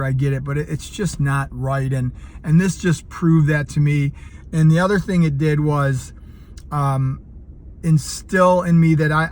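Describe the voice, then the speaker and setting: Earnest man in his fifties, halting. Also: fairly high pitch. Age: 50s. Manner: earnest, halting, frequent fillers. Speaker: CrossFit coach. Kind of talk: casual personal vlog storytelling.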